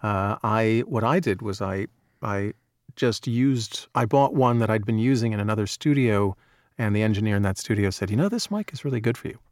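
A man who narrates audiobooks, chatting in an interview as a relaxed, self-deprecating storyteller. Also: fairly low pitch, moderate pace, no room sound, studio quality. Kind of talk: casual interview chat.

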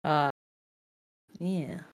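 A woman playing in a casual tabletop game, talking in a halting way with stammers and restarts. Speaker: player. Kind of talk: casual streamed game chat.

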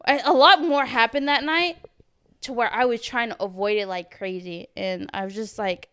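Smooth-voiced young woman telling a story. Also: fairly high pitch, normal speed. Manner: animated storytelling, acts out quotes, swears. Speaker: podcast co-host. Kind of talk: casual chat.

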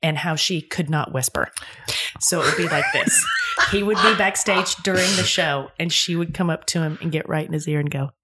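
Woman co-host, lowish voice, dry wit, anecdote-prone. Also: moderate pace, very noisy. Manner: dry quips, storytelling asides, acts out voices. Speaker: podcast co-host. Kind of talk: casual recap chat.

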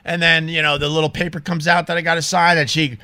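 Ranting male vlogger, high bright voice, dry close sound, indignant and emphatic. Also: flat delivery, fast, dry recording. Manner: indignant, emphatic, swears freely. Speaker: vlogger telling a story. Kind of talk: casual ranting monologue. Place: small home studio.

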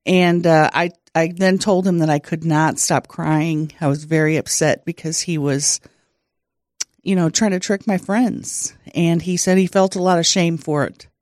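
A woman co-hosting a casual podcast, telling an animated story and laughing often. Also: lowish voice, measured pace, dry recording, clean studio sound. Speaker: podcast co-host.

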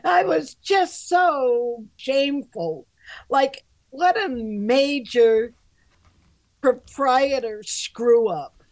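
Speaking very slowly in a high, slightly mellow voice, this older woman chats casually as co-host of a grooming podcast. She's a dog groomer with her own shop, frank and quick to poke fun at herself, laughing often and cursing without hesitation. No room sound is audible.

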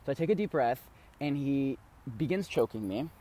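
A man's voice: medium pitch, expressive, moderate pace, warm tone. A man casually telling a long story on a podcast, rambling with many fillers and swearing freely. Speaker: podcast co-host.

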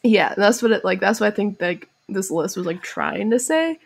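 Gravelly young Minnesotan woman. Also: mid-range voice, sing-song, normal speed. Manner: laughs often, hesitant fillers. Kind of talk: casual chat.

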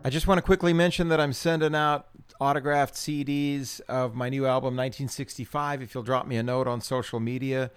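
A man's voice: mid-range voice, steady tone, a little fast, clean tone, no room sound. A middle-aged man hosting his own podcast in a chatty, self-deprecating way, with ums and small laughs. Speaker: podcast host. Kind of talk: casual solo podcast talk.

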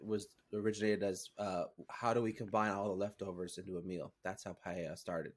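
A man's voice: low-pitched, fairly even intonation, brisk. A man co-hosting a podcast, talking casually and hesitantly, full of restarts and "like", defending his opinions. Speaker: podcast co-host. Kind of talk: casual chat.

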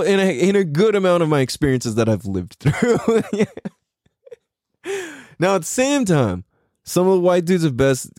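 A man's voice: fairly high pitch, darkish tone, no echo, clean studio sound. A man doing a casual comedic monologue as a podcast host, laughing often, swearing freely and using slang.

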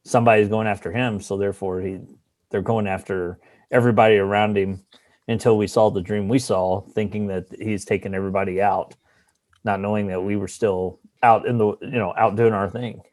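A man's voice: lowish voice, steady tone, brisk, darkish tone, no room sound. A man playing a tabletop role-playing game, thinking aloud and laughing easily. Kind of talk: casual in-character game talk.

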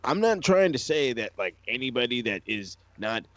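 A man's voice: mid-range voice, moderate pace, no room sound, highs cut off. A man co-hosting a wrestling podcast in casual chat, ranting with lots of swearing. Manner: profane, animated ranting.

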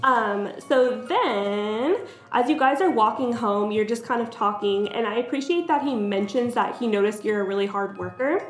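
A chatty young woman, pitched a little high, tells a game story in casual podcast chat, leaning hard on fillers like "like." The room rings with echo, and a faint music bed sits underneath. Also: moderate pace. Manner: chatty, filler-heavy, laughs often. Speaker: podcast co-host.

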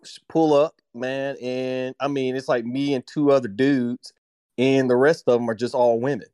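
A man co-hosting a podcast, chatting casually and laughing often as he tells a story in relaxed slang. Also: medium pitch, moderate pace, clear, resonant tone, dry recording, clean studio sound. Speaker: podcast co-host. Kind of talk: casual chat.

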